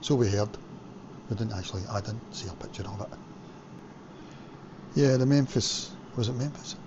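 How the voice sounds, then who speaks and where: Rambling low-voiced man, lo-fi kitchen vlog. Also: normal speed. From Scotland. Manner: rambling, chatty, many fillers. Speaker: vlogger. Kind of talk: casual chat while cooking. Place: home kitchen. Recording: lo-fi home recording with background noise.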